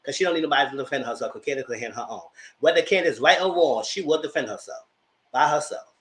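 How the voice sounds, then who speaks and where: A man's voice: mid-range voice, expressive, fast talker, a bit bright. A man giving a casual, sassy live review of reality TV, slangy and acting out the cast's lines as he goes. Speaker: TV reality show commentator.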